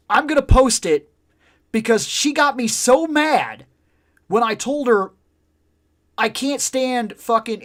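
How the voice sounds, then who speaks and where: A man hosting a casual live chat show, telling stories in an animated way and swearing a lot. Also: sits high. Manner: profane, animated storytelling. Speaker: podcast host.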